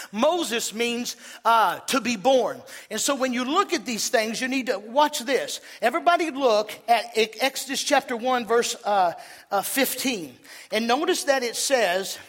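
High bright-voiced preacher in a reverberant church. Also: male voice. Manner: emphatic, building to shouts. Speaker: pastor. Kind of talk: sermon. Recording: long reverb of a church hall.

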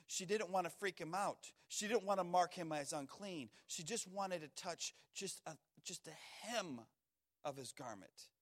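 A man preaching a sermon, swinging from hushed, slow words to loud, urgent ones. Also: high voice.

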